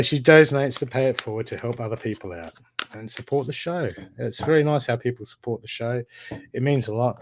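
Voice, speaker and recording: A man's voice: mid-range voice, darkish tone, no room sound. Man giving encouraging live card readings. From Australia. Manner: casual, encouraging, repetitive pep talk. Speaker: tarot card reader.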